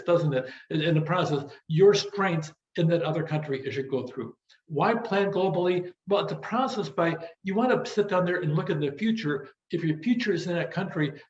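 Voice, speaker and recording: An American man, a business instructor, giving a recorded lecture on strategy in a quick, talkative way, repeating the same phrases. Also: fairly high pitch, a little mellow. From United States. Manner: fast-talking, repetitive "as you go through". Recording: roomy, dull lo-fi audio.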